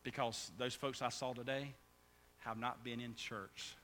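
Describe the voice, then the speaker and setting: A man preaching a sermon as pastor, often stammering and restarting, then building to loud, fervent preaching. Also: mid-range voice, little pitch movement, measured pace. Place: church sanctuary. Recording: echoey hall with faint hum.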